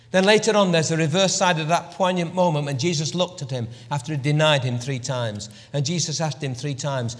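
A man preaching a sermon, telling the story with lively emphasis and dropping to a hushed voice for reflection, often clearing his throat. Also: on the high side, moderate pace, hardly any pauses. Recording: long hall reverb.

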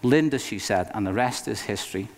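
A male pastor preaching a sermon in an earnest, emphatic way, with dramatic pauses. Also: lowish voice, background noise. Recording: long reverb of a hall.

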